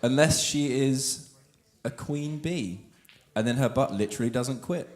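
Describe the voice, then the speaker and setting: A young man performing as a guest in a live interview before an audience, rambling and joking in a playful, deadpan way. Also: mid-range voice, measured pace. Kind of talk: live comedic interview banter.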